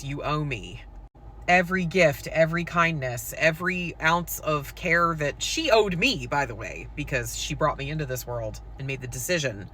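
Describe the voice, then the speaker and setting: A woman's voice: sits low, sharp tone, slight background noise. A woman with school-age children telling a personal story to camera, frank and conversational, full of "like" and "um". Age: adult with school-age children. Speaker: poet and content creator.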